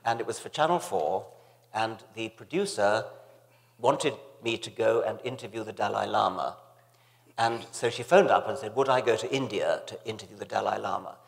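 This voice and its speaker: An older man telling anecdotes as a guest on a stage, halting and dryly humorous, with many restarts. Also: fairly low pitch, vocal fry. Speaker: guest author. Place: stage in a large hall, live audience. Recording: reverberant hall with audience.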